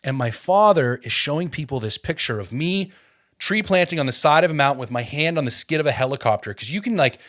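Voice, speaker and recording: Animated man telling a story on a podcast. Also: on the high side, a little fast. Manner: animated, gets fired up, many "like" fillers. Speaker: podcast host. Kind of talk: casual conversational storytelling.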